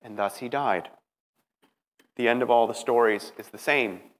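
A man preaching a dramatic sermon, emphatic, moving from hushed passages to rising ones. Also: medium pitch, measured pace. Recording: preaching in a reverberant hall.

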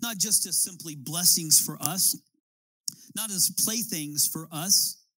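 A man's voice: fairly high pitch, takes it slowly, bright, forceful tone, breathy edge, no room sound, low-quality recording. A man preaching a sermon as a pastor, building his points with emphatic, rising appeals.

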